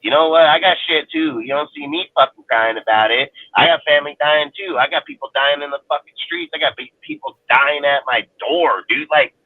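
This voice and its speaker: A man's voice: fairly high pitch, brisk, hardly any pauses, husky, dry recording. A man from Northern California telling a personal story as a roundtable panelist, blunt and heavy on swearing, with "dude" in nearly every line. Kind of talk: casual storytelling. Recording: tinny phone-line audio.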